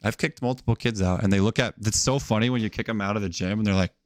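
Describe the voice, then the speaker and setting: A man's voice: lowish voice, quick pace, no room sound, studio quality. A man in his thirties co-hosting a podcast, chatting casually and telling stories with lots of "like" and acted quotes. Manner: rambling, storytelling with acted quotes and frequent "like". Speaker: podcast co-host. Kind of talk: casual chat.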